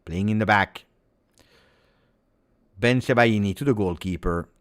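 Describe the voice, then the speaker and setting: A man giving live football reaction commentary, excitable play-by-play mixed with exclamations. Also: fairly low pitch, measured pace. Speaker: football watch-along streamer.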